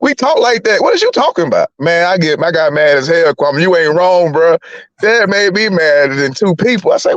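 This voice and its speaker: A man in casual chat, talking animatedly and laughing, his voice jumping high when he gets worked up. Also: very animated, fairly quick, no echo, highs cut off.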